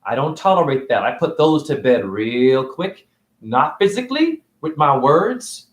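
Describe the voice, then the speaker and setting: A man giving a rambling, confrontational livestream monologue. He fires off rhetorical questions, and his pitch swings widely. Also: very animated, measured pace, reverberant. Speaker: spiritual vlogger and store cashier.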